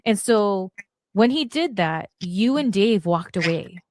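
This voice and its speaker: Blunt woman in her 40s telling backstage stories, dry close sound, middle pitch. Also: takes it slowly, no room sound. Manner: blunt, animated, acts out quoted lines. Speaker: podcast guest, former wrestler. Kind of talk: casual storytelling chat.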